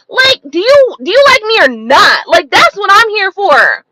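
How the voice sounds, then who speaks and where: A woman's voice: extremely high pitch, big pitch swings, moderate pace, few pauses, bright, forceful tone, dry recording, poor audio. A woman hosting her own channel, ranting in a blunt, profane, exasperated way full of rhetorical questions. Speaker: tarot reader and channel host. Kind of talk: unscripted livestream rant.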